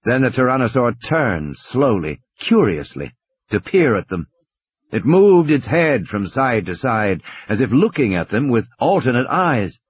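A man narrating an audiobook thriller with expressive, dramatic storytelling. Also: medium pitch, measured pace, breathy edge, no room sound. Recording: dry, slightly dull audiobook recording.

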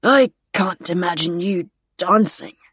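A woman voicing a nervous male captain in an audiobook, hoarse and anxious. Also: mid-range voice, lively intonation, slow pace, no room sound. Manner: tense, anxious.

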